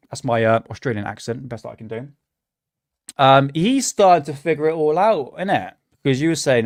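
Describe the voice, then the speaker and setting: A man's voice: on the high side, animated, moderate pace, no room sound, clean studio sound. A man with a British accent hosting a casual livestream, rambling, swearing often and laughing at himself. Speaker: livestream host.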